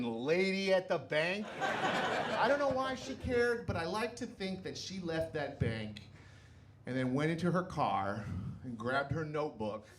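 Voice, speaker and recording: High, lively stand-up comic man. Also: heavy background noise. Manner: animated, self-mocking storytelling. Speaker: stand-up comedian. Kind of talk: stand-up routine.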